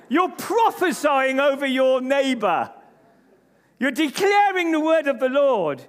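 A man's voice: extremely high pitch, very animated, slow pace, a faint crowd. A male pastor preaching an emphatic sermon to a congregation, leading them in call-and-response. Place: church service before a congregation. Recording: long reverb of a large hall.

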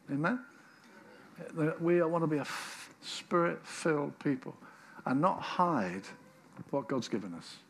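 Brief: male preacher, mid pitch, lively storytelling sermon, quiet prayer close, faint hiss behind. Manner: storytelling, acts out quoted people, drops to soft prayer.

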